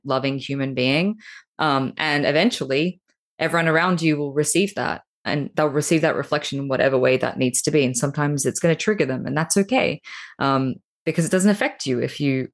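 A woman with a notably low voice talks as a podcast guest. She is blunt and emphatic, and she swears without hesitation. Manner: frank, emphatic, swears freely. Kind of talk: candid spiritual conversation.

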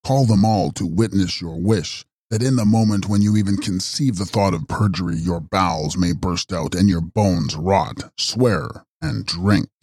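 A man reading an audiobook voices a menacing male vampire with a hollow, deep voice. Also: unhurried, few pauses, a little mellow, slightly rough, no room sound, studio quality, exaggerated voice.

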